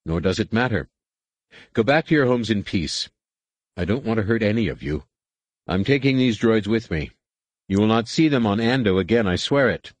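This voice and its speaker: A gentle male clone warrior speaks calmly and earnestly, pleading for peace in a low voice, as a man reads him. The recording is dry and close, in the manner of an audiobook. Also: normal speed, dry recording.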